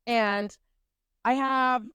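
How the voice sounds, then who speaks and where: A woman in her twenties co-hosting a podcast, telling a story in casual, animated chat and swearing freely. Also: on the high side, drawn-out words, clean tone, dry recording. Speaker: podcast co-host.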